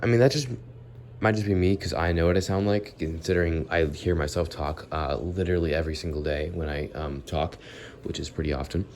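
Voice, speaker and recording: Sick with a cold, a young man vlogs off the cuff in a low, nasal, darkish voice, keeping a steady tone at a slightly fast clip. He wanders from point to point, fixes his own slips, and talks right to the people watching, with a bit of hiss or hum in the recording.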